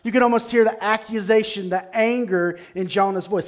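High-voiced man preaching emphatically. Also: fairly even intonation, a little fast, few pauses. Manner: emphatic, repeats key phrases. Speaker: pastor. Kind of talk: sermon.

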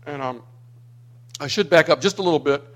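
Man telling family stories, a touch high. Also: fairly quick, fairly bright tone. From Florida. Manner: anecdotal, acts out quoted people. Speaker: speaker sharing memories of his father. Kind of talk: personal storytelling to a small gathering.

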